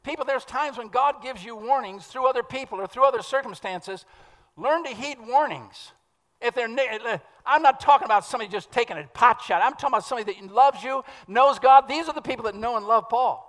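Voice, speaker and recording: Folksy preacher guy, high bright voice, long echo like a big church hall. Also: fairly quick. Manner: folksy, animated storyteller. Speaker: pastor. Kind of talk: sermon.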